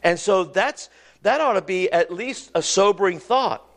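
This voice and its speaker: A male preacher with a high, lively voice that swoops up and down as he delivers a sermon. He leans into points with sudden drops and rises, and slows to a measured cadence whenever he reads scripture aloud. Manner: animated, rising and falling, quoting scripture in slow stately tones. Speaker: pastor.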